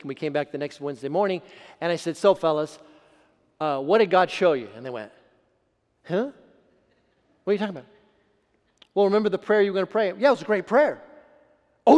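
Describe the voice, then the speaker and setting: A middle-aged pastor preaches in a fairly high voice, and long hall reverb trails each line. He tells his story with animation, acting out the voices of others and moving from loud bursts to near-whispers. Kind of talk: sermon storytelling. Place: church sanctuary.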